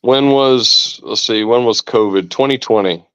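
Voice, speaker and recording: Smooth-voiced man telling a rambling story. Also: medium pitch, unhurried, a bit bright, no room sound. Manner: easygoing, rambling with restarts and mild swearing. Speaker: podcast co-host. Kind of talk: casual storytelling. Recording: dull lo-fi sound.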